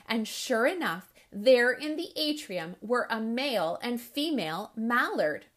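A woman reading a children's story aloud in a gentle, expressive storybook manner. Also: on the high side.

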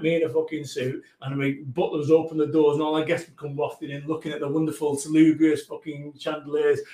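A middle-aged man, a business coach and podcast guest, telling stories in a profane, emphatic, animated way. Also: fairly high pitch, echoey room, low-quality recording. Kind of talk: podcast conversation.

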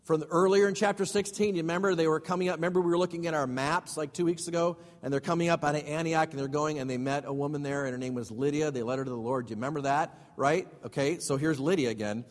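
A man's voice: on the high side, steady tone, quick pace, few pauses. Man preaching in a reverberant hall. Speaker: pastor. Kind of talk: Bible study sermon.

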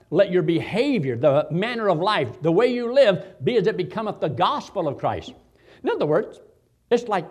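A pastor delivers a sermon in a high, tenor-ranged voice. His pitch leaps and falls constantly. He swings from hushed asides to loud, emphatic declarations. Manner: preaching with dramatic swings in loudness and emphasis.

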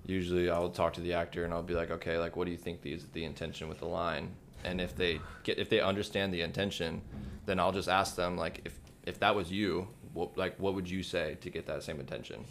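A very low-voiced man talks as a podcast guest, explaining filmmaking in a thoughtful, meandering way. He leans on filler words as he works through his ideas. Faint background noise runs under the talk. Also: level tone, a little fast, few pauses, a bit bright. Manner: thoughtful, explains with many likes and you knows. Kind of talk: casual interview chat.

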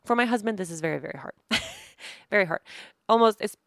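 Woman, thirties, podcast host, chatty exasperated storytelling, gravelly fry, dry close sound. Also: medium pitch, fast talker, fairly bright tone, no room sound. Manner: chatty and exasperated, with frequent fillers. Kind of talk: casual storytelling monologue.

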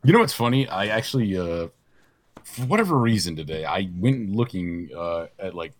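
A man's voice: sits low, very animated, moderate pace. A man hosting a casual chat show, rambling through lists with fillers and laughs. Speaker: host.

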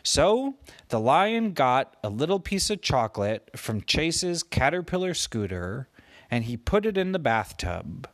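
A man slowly making up a gentle bedtime story for his child, with playful voices for the characters. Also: a little high, very animated, no echo. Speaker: parent telling a bedtime story.

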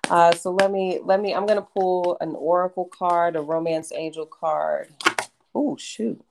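A woman tarot reader talking about readings in a relaxed, rambling way, full of fillers and restarts. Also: lowish voice, unhurried, creaky, background noise. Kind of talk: casual podcast chat.

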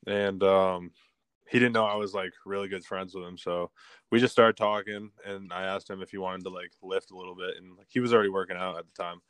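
Deep, flat-voiced young man. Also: a little fast, clear, resonant tone, no room sound. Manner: laid-back, storytelling with many fillers. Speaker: podcast co-host. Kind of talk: casual chat.

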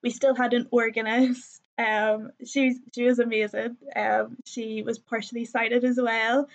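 A woman's voice: fairly high pitch, level tone, measured pace, vocal fry. A young woman telling her story as a podcast guest, chatty and full of ums and likes, laughing often. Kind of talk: casual conversational storytelling. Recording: slightly muffled lo-fi sound.

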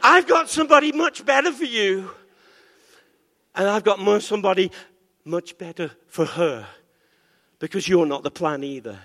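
A man playing an exasperated God who shouts his disbelief in slow, drawn-out phrases. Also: fairly high pitch, lively intonation, long reverb tail. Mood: incredulous. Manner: shouting, drawn-out incredulous exclamations. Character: exasperated God, incredulous booming father.

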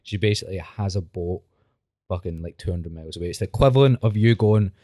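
A man's voice: low voice, fast, warm tone, dry recording, clean studio sound. A man with a Glaswegian accent, a podcast guest telling stories bluntly and swearing freely in casual chat. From Scotland.

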